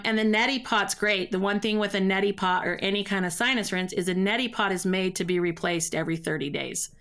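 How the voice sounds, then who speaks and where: A woman's voice: medium pitch, fairly bright tone, clean tone. A middle-aged woman, a vocal coach, explaining voice care in a podcast interview. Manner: explanatory, uses running metaphors.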